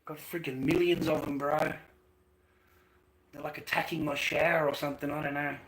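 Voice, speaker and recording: A man's voice: fairly high pitch, little pitch movement, moderate pace, a bit bright, slight background noise, low-quality recording. A middle-aged Australian man vlogging in a profane, rambling, blokey way and laughing often. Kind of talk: casual rambling monologue.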